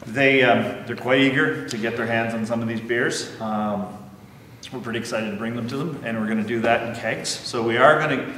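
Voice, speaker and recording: A man's voice: mid-range voice, normal speed, fairly bright tone, a little hiss or hum. A man who owns a brewery, talking eagerly in a casual interview, with lots of fillers. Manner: chatty, eager, many fillers. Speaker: brewery owner. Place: large unfinished building. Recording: echoey hall, from far off.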